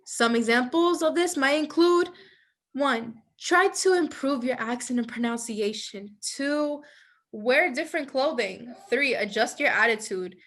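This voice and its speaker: A woman's voice: high-pitched, animated, unhurried, fairly bright tone. A woman giving an instructional presentation, reading slides aloud and explaining them to trainee judges.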